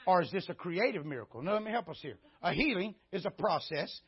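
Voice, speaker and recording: A high, husky male voice with a drawl, preaching with fire and climbing to shouts at the high points. The recording is dull and lo-fi, like old church sermon audio. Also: fast talker. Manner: animated preaching, shouting at peaks.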